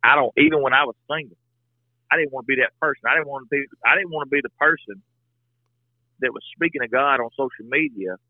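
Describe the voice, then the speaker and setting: A man with a drawl talks earnestly and a bit haltingly, circling back on his words as he tells a story. His voice sits at an ordinary pitch. The sound is thin and phone-like, with a dry, close feel. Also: no room sound. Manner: earnest, folksy, talks in restarts. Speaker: podcast guest. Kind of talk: casual storytelling conversation. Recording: tinny phone-like line, dry.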